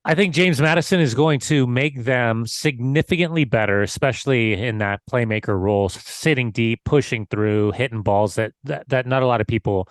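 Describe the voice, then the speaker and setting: A man's voice: mid-range voice, normal speed, few pauses, no echo. A man co-hosting a casual football podcast, teasing and analytical, given to repeating his phrases. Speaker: podcast co-host.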